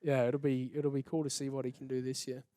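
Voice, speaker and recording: A young Australian man in his twenties, a guest talking casually in an interview, relaxed and laughing easily. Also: mid-range voice, fast talker, dry recording, clean studio sound. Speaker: guest, baseball player.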